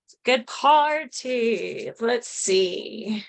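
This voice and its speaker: A woman's voice: a little high, lively intonation, very slow, creaky. A woman hosting an online meeting in a casual, friendly way. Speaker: meeting host. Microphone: video call.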